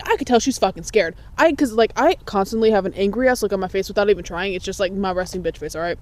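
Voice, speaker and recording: A woman's voice: mid-range voice, fast, few pauses, darkish tone, no echo. A young woman co-hosting a podcast, telling blunt, profane stories in casual chat and laughing through them. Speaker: podcast co-host.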